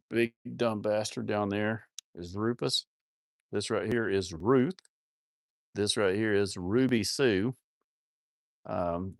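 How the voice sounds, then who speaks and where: A man's voice: on the low side, no echo, clean studio sound. A man hosting a casual farm livestream, rambling and joking with viewers in a self-mocking way with crude words. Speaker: livestream host of a cattle farm channel. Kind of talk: casual live-stream chat reading viewer comments.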